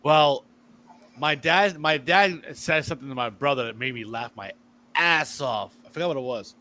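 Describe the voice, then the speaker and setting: A man's voice: mid-range voice, moderate pace, pushed and bright. A man hosting a casual chat, telling crude family stories with a laugh.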